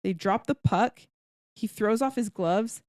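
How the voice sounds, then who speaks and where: A woman co-hosting a book podcast, casually retelling a romance plot with lively acted-out quotes and some swearing. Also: medium pitch, a little slow, dry recording, studio quality. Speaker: podcast co-host. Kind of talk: casual book review chat.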